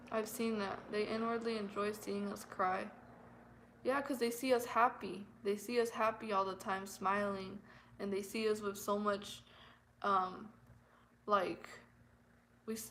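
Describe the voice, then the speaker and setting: A young woman telling a painful personal story on her vlog, emotional and halting, repeating herself with nervous laughs. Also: medium pitch, fairly bright tone, a little hiss or hum, low-quality recording. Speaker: vlogger.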